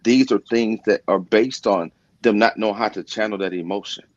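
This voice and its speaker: Male mentor, very low voice, earnest, muffled dry audio. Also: normal speed, dry recording. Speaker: community mentor, panel guest. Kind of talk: casual panel discussion. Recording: slightly dull, dry sound.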